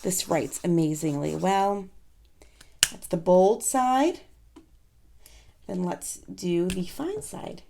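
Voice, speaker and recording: A woman chatting casually in an unboxing vlog, gushing with excitement, gasping and exclaiming softly as she shows off planner supplies at her desk. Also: lowish voice, takes it slowly, vocal fry, long pauses, slight background noise. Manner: gushing, excitable, frequent gasps and soft exclamations.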